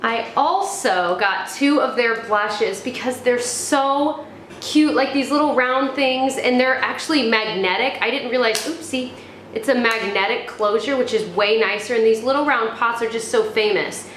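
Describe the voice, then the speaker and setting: A chatty young woman talks through her beauty finds, her voice pitched a little high. She rambles on with plenty of fillers and restarts. The room is echoey, with faint noise behind her. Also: unhurried, fairly bright tone. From United States. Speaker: beauty vlogger. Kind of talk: casual product review.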